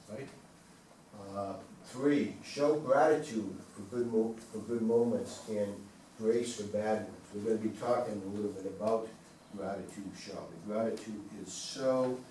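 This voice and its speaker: A man with a fairly low, slightly mellow voice gives a wellness talk to a small group. He keeps it conversational, asks the audience questions, and repeats his points. The recording is roomy and distant, with faint room noise.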